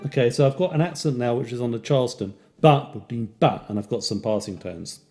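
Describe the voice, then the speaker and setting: A man's voice: medium pitch, animated, a little fast. A man with a British accent teaching a casual jazz guitar lesson, counting beats and scatting rhythms. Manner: counts beats aloud and scats rhythms while demonstrating. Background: guitar playing between phrases.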